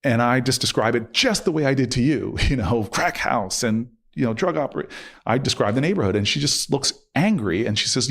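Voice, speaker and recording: A middle-aged man, a guest on an interview show, telling a long personal story in an animated way and acting out what people said. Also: on the low side, normal speed. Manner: animated, acts out quotes with laughs. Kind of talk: conversational storytelling.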